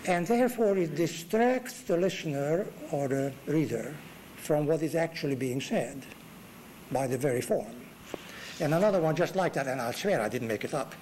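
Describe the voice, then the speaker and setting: A man lectures in a university room, with dry humor and lines that lift sharply for emphasis. His voice sits a little high for a man. A faint hum of room noise runs underneath. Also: animated, moderate pace, darkish tone, low-quality recording. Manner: dry wit, emphatic rises. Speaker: guest lecturer. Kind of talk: classroom lecture.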